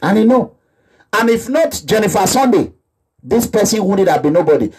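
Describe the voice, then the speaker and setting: A man's voice: sits high, expressive, moderate pace, darkish tone, slightly rough. A man with a Nigerian accent delivering an impassioned, repetitive monologue that slips into pidgin phrases. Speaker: activist vlogger. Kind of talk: animated monologue.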